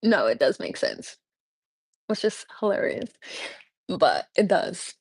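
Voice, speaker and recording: A woman's voice: lowish voice, big pitch swings, slow pace, breathy edge, no echo. Bubbly young woman streamer, dry sound. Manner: bubbly and chatty, laughs often, answers chat questions. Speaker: livestreamer. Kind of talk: casual live-stream chat with viewers.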